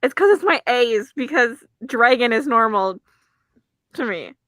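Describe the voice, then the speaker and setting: Woman host just chatting, bright crisp voice, dry close mic, laughs a lot. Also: fairly high pitch, animated, a little slow, dry recording. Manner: talkative, laughs easily. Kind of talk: casual livestream chat.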